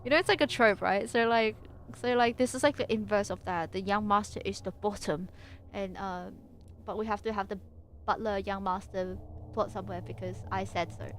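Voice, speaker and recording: A woman's voice: medium pitch, steady tone, normal speed, a little hiss or hum. A young woman streaming as a VTuber, chatting and reading aloud in a rambling, giggly way with many fillers and restarts. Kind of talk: casual livestream chat and reading.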